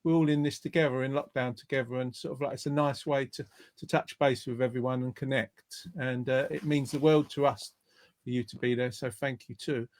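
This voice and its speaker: A man's voice: medium pitch, steady tone, a little fast. A man hosting an online show over a video call, reading out viewer comments in a chatty, rambling way, often restarting his sentences. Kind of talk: casual live-stream chat, reading out viewer comments.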